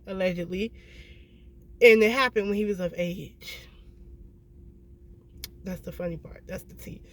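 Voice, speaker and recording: This tarot reader, medium in pitch, offers a laid-back reading to an audience, cursing liberally and pressing points hard. A short "okay?" keeps popping up to check that viewers are following.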